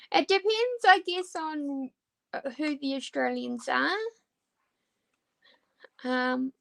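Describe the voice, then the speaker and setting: A woman with a high, gravelly voice chats casually with her audience over a diamond painting project. She answers hesitantly, peppering her speech with ums and restarts.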